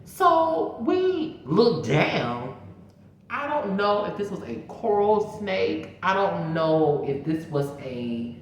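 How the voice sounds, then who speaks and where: A woman, a vlogger telling a story in a casual, animated, profane way, talking straight to her viewers. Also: mid-range voice, takes it slowly, slight background noise. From Mississippi. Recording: very echoey room.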